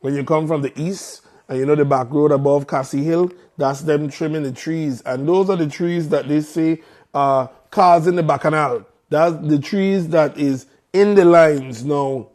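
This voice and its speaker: A man's voice: fairly high pitch, measured pace, a little mellow. A man with a Virgin Islands accent hosting a live morning show, chatting casually and repeating phrases in local slang.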